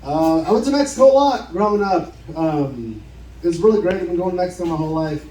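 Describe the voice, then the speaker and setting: This storyteller talks fast, his high, expressive voice warm as he plays the characters in a casual, sweary live tale at a bar show. The mic picks him up from a distance in an echoey room, with an audience cheering and laughing.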